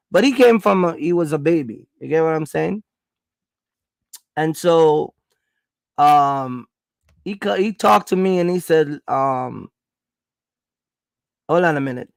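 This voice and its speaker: A man's voice: on the high side, measured pace, creaky, long pauses, dry recording, clean studio sound. A man from Jamaica with a Jamaican accent, livestreaming from home as he rambles through a story with lots of fillers, then turns stern and warns his viewers.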